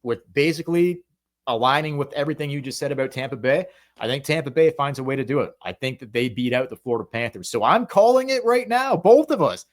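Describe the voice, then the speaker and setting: Animated podcast co-host. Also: male voice, mid-range voice, quick pace. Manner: animated, laughing predictions. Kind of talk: casual sports chat.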